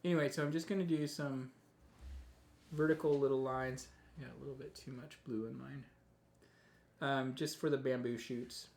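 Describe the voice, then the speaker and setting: A man teaching a live painting tutorial, relaxed and chatty, often thinking aloud as he works. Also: medium pitch, moderate pace, creaky, pauses often, reverberant. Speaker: painting instructor.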